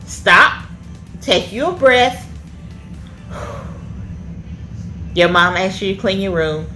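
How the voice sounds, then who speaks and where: A woman teaching a children's church lesson in an animated way, often checking in with the kids by asking "okay?". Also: mid-range voice, very slow, faint music behind.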